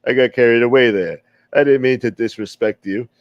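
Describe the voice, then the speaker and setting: A man putting on a gruff old-school mobster who keeps calling himself a gentleman, menacing yet mock courteous. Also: mid-range voice, fairly quick, no echo, highs cut off, lightly acted.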